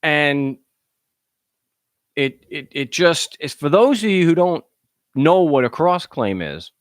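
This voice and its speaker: A man's voice: a little high, very animated, slow, no echo, clean studio sound. A man hosting a talk show, speaking in a casual, sarcastic way and often stumbling over repeated words as he starts sentences. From United States. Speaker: show host. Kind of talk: casual call-in show monologue.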